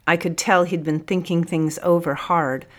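A woman narrating a story in the first person, in a measured, gently expressive reading. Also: on the low side. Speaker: audiobook narrator.

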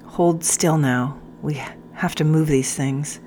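A hushed, tender sergeant, as a woman narrator puts him on, speaking low and slow with hesitant pauses. His quiet voice sits just under the reader's own, with a little background ambience. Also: fairly even intonation, slight background noise. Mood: gentle. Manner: soft, hushed, faltering. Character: gentle, guilt-stricken male sergeant.

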